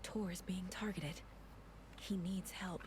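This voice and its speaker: A worried game investigator. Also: female voice, lowish voice, steady tone, takes it slowly, noisy background. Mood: concerned. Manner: quiet, concerned questioning. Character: worried female investigator studying clues. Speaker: game character.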